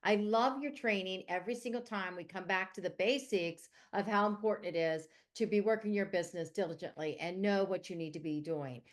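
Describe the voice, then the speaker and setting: A woman's voice: mid-range voice, fairly quick, few pauses. A woman hosting a video call meeting, introducing the next speaker with enthusiasm. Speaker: host. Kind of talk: hosting a virtual team meeting.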